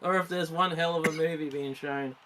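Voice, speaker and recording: A man talking casually over a hockey gameplay stream. His voice sits a little higher than most men's, and he rambles, circles back and laughs easily as he goes. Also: fairly even intonation, fairly quick, crowd noise. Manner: rambling, restarts often, giggly. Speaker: streamer co-host.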